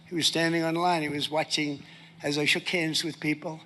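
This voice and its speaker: A man's voice: fairly high pitch, fairly even intonation, normal speed, sharp tone, a little hiss or hum. An older man giving a rambling, boastful rally speech, drifting between stories. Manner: boastful, digressive.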